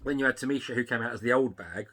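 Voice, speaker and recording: A man co-hosting a casual review chat, talking quickly with asides and frequent laughter. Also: mid-range voice, sharp tone. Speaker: podcast co-host.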